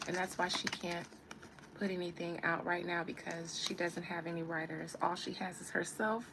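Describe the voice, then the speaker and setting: A woman's voice: fairly low pitch, little pitch movement, normal speed, gravelly, background noise. A woman giving a casual live-stream reading, chatting and teasing as she answers viewer comments. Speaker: tarot reader on a live stream.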